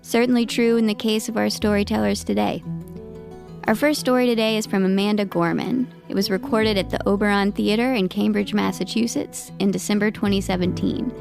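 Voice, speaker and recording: A woman hosting a podcast, introducing stories with dry, self-deprecating humor in a low, flat monotone. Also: a little fast, vocal fry, faint music behind. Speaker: podcast host.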